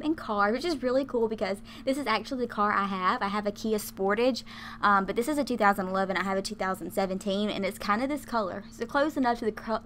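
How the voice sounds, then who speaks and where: A woman's voice: medium pitch, fairly bright tone, slight background noise. A young woman casually talking through a life-sim game she plays, chatty and giggly with many fillers. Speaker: gaming channel host.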